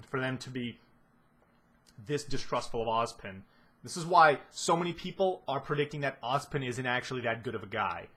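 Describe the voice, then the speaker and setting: A man's voice: mid-range voice, a little fast, sharp tone, breathy edge. A man giving a ranting analysis of a show, exasperated and swearing heavily. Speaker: video commentator.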